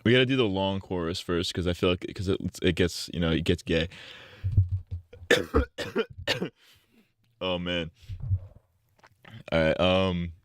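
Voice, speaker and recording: A young man talks slowly in a smooth, resonant voice. He mutters crude jokes to himself and breaks into half-sung lyric lines. The sound is dry and close. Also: sits low, fairly even intonation, no room sound. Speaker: streamer. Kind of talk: casual live-stream talk, drafting parody song lyrics.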